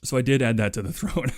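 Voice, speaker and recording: Clean studio sound and a dry recording capture a man with a medium-pitched voice. He's live streaming, casually rambling to his viewers, dropping profanity freely and thanking them effusively time after time.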